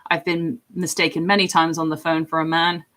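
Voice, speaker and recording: An English woman in her thirties with a deep, low-set voice, chatting casually on a livestream. She rambles from one thought to the next, with plenty of fillers and laughs along the way. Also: level tone, a little fast, fairly bright tone, a little hiss or hum. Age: 30s. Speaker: streamer and voice actor.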